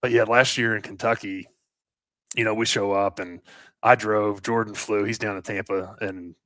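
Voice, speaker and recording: A man with a lowish voice tells a long story in a loose podcast chat. He rambles along with fillers and restarts and swears casually. The recording is dry and close. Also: steady tone, normal speed, pushed and bright, dry recording. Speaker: podcast co-host and landscaping business owner.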